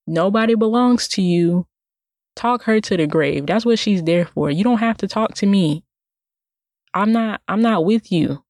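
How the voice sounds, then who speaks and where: A woman talks straight to the camera in a casual monologue, indignant and rambling, with many "like" fillers and restarts. Her voice sits at a middle pitch. The recording is dry, with no room echo. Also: measured pace, darkish tone. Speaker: vlogger.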